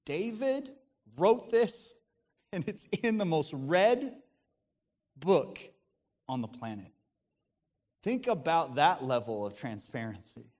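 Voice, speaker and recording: Earnest pastor preaching in a reverberant hall. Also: male voice, fairly high pitch, sing-song, slow, pauses often, a little mellow. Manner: earnest, conversational preaching with frequent restarts. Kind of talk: sermon.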